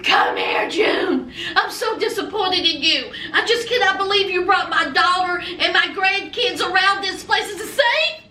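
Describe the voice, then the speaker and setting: A woman's voice: extremely high pitch, expressive, measured pace, hardly any pauses, pushed and bright, reverberant, far from the mic, a little hiss or hum, exaggerated voice. A woman mimicking a panicky fretting mother. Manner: breathless repeated fretting questions. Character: fretful middle-aged mother, panicky about safety.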